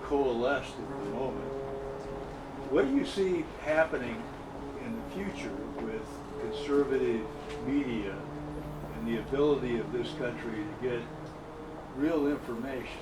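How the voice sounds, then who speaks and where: A man's voice: mid-range voice, measured pace. A man in the audience asking a thoughtful question, talking about what he has read. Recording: distant, echoey, noisy room.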